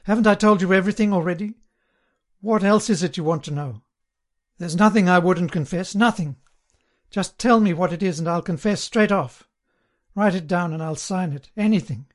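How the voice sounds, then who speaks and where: A man voicing a starving, terrified male prisoner who pleads frantically in a raised, loud voice. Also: a little high, fairly even intonation, racing, hardly any pauses, natural voice. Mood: desperate pleading.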